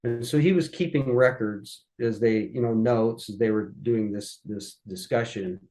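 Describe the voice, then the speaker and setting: A man with a mid-range voice and moderate pace appears as a podcast guest, casually recounting family history. He tells the stories with animation, acting out the voices of the people he quotes.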